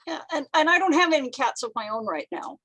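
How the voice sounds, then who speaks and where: A woman's voice: high voice, very animated, fast, pushed and bright. A woman who is a guest author, talking thoughtfully in casual chat.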